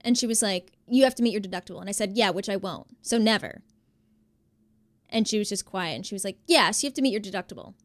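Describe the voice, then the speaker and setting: A young woman, streaming live and telling a story to her chat, acting out the quotes in an animated, exasperated way. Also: mid-range voice, fast, no echo.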